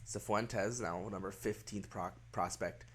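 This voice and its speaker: A man's voice: fairly low pitch, steady tone, a little slow, a bit bright, slightly rough. A young man with a nasal, stuffed-up voice from a cold, casually commentating a baseball management game with rambling, wry asides. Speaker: gaming video host.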